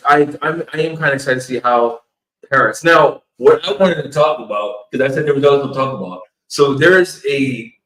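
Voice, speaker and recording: Man, podcast co-host, casual chat, lively storytelling, laughs often, pitch leaps around, echoey room. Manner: animated storytelling with frequent laughter.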